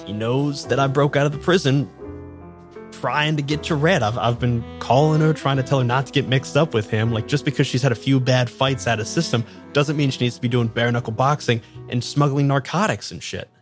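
A man narrating a tabletop role-playing game as game master, describing scenes calmly. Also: medium pitch, brisk, over music.

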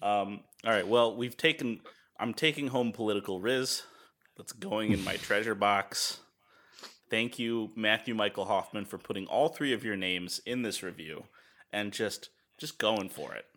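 A man's voice: on the low side, measured pace, a bit bright. A man co-hosting a podcast, reading out user reviews in a playful, joking way and laughing often. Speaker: podcast co-host. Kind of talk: casual banter, reading user reviews aloud.

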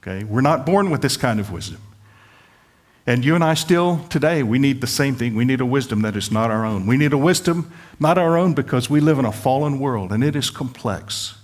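A man's voice: medium pitch, animated, fairly quick. Earnest middle-aged male preacher. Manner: conversational, pleading, self-deprecating asides. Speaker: pastor. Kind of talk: sermon.

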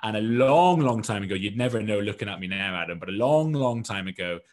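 Casual low-pitched guy from the uk, self-deprecating, chatty with restarts. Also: expressive, a little fast, a little mellow. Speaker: guest entrepreneur. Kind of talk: casual storytelling in an interview.

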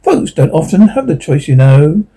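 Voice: medium pitch, very animated, moderate pace, mellow, husky, voice pushed down. A reader voicing a pushy old-time casket salesman in a read-aloud radio play, cheerful sales patter with stumbles.

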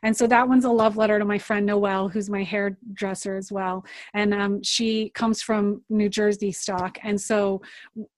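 A woman's voice: mid-range voice, level tone, moderate pace, no echo. A woman talking as an interview guest, candid and casual, swearing freely and laughing often. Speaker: guest, author of a card deck.

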